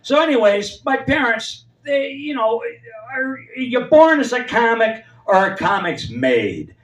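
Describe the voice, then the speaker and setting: A man's voice: very high-pitched, big pitch swings, a little slow, a bit bright. A man in his seventies telling rambling stand-up anecdotes on a comedy club stage and acting out the voices of people in his stories. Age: 70s. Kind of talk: stand-up storytelling. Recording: roomy club sound from far off.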